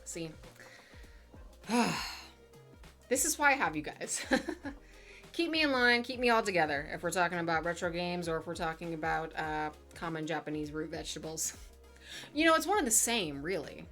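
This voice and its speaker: Woman in her twenties, lowish voice, casual stream chat, lots of fillers, faint music behind. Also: expressive, moderate pace, long pauses, a bit bright. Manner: chatty, with many fillers and playful asides.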